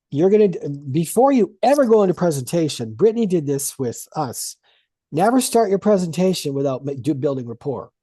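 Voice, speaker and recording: A woman's voice: sits low, warm tone, no echo. A woman coaching a group on a video call about sales, talking bluntly and energetically with plenty of swearing.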